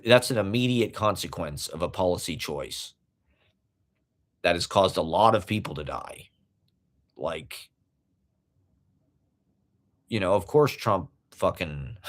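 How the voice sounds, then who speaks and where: Low-voiced guy ranting slowly, lots of likes and you knows, swears a lot. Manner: rambling, heavy fillers, profane. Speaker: podcast host. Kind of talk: casual monologue rant.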